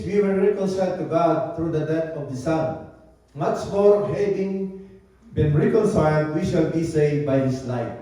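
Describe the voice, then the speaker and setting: A man's voice: high-pitched, dark tone. A man preaching a sermon, repeating his points and slipping into phrases. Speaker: pastor. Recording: very echoey church hall, voice from a distance.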